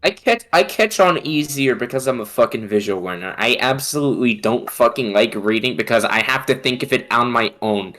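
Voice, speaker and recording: A man's voice: medium pitch, lively intonation, a little fast, hardly any pauses, a bit bright. A man co-hosting a podcast in casual chat, rambling and swearing heavily as he pokes fun at himself. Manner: rambling, heavy swearing, self-mocking. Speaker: podcast co-host.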